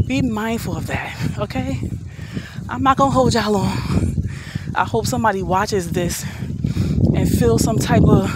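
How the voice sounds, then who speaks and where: A woman in her fifties talks while she walks uphill outdoors, a little out of breath. She preaches earnestly to her viewers and calls them family. Her voice sits at a middle pitch, with faint outdoor noise behind her. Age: 50s. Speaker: vlogger. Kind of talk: motivational walk-and-talk vlog. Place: outdoors walking up a hill.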